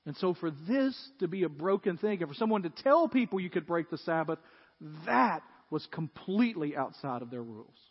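A man preaches to his congregation, his voice sitting high for a man. He slips into lively storytelling as he retells scenes. The sound is dull and carries a long church-hall reverb. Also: moderate pace, slightly rough. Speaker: pastor. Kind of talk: sermon.

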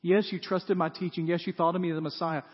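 A man preaching, voicing a calm, earnest male teacher asking probing questions. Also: a little high, fast talker, husky. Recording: dull sound with long hall reverb.

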